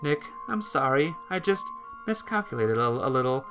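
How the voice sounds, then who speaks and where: A man's voice: medium pitch, sing-song, moderate pace, over music. A man voicing a weak, faltering young woman. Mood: weak, pleading.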